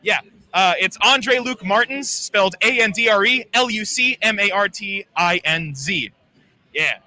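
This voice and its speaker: A man's voice: sits high, expressive, measured pace, sharp tone. A man who works as a voice actor, chatting in a laid-back, easygoing way as a guest on a live interview at a gaming expo. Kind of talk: casual interview chat.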